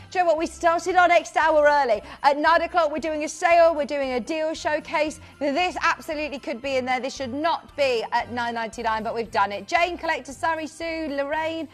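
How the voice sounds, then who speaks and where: A woman's voice: high voice, fairly quick, hardly any pauses, faint music behind. A woman presenting live on a shopping channel, chatty and upbeat, calling out buyers' names. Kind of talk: live TV sales pitch.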